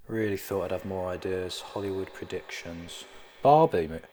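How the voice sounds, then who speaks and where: A man's voice: sits low, fast talker, darkish tone. A man riffing through a comedic solo vlog, rambling and self-mocking, often stopping to restart his thoughts. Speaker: vlogger.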